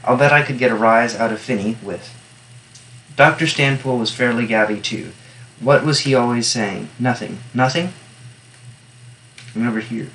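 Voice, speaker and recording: A man reading a novel aloud in steady first-person narration, stopping now and then for wry, offhand comments on the text. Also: on the low side, a little hiss or hum, rough recording. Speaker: reader and annotator.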